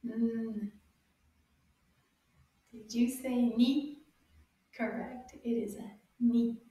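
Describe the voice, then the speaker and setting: A woman teaching children French words, encouraging them and repeating each word slowly with sound clues. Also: on the high side, fairly even intonation, dark tone, distant mic. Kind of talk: slow, drawn-out teaching for kids. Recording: very echoey room, a bit off-mic.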